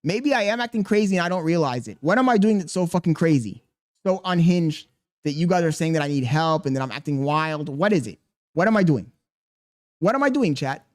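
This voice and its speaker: A man's voice: fairly high pitch, a little fast. A young man livestreaming, talking casually and defensively to his chat, rambling and firing questions back at them.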